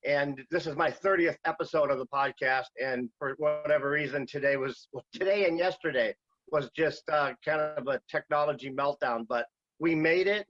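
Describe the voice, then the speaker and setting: A man's voice: on the high side, fairly bright tone, no room sound, highs cut off. A man in his fifties hosting a podcast, talking with many hesitations and fillers. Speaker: podcast host.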